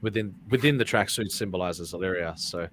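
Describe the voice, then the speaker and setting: A man's voice: sits low, a little fast, fairly bright tone, slight background noise. A man hosting a casual live-streamed talk show, rambling and repeating his words, often breaking into laughs. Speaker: podcast host.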